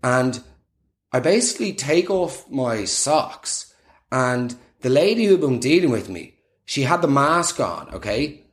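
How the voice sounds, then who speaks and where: A man's voice: mid-range voice, big pitch swings, unhurried. A young man telling a rambling, self-deprecating comic story in casual chat, full of fillers.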